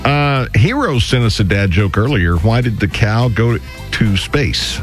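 Lively man radio co-host telling dad jokes. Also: fairly low pitch, unhurried, soft background music. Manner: playful, deadpan joke delivery. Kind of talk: casual studio banter, telling dad jokes.

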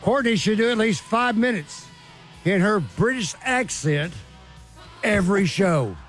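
Casting: man with a high voice, bantering radio host, faint guitar music behind. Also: expressive, measured pace, fairly bright tone. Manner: playful, bantering. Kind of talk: casual radio chat.

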